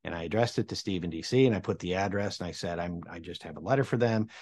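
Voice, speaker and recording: A deep, slightly mellow male voice moves fast through a personal anecdote told to camera. The Midwestern storyteller in his forties voices the people he quotes with large jumps in his voice.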